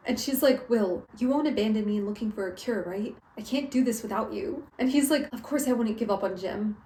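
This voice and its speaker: A young woman giving a casual, lively book recap, full of "like" and quoted character lines. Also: a little high. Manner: chatty, lively retelling with quoted character voices and frequent "like". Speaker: book vlogger. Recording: echoey room.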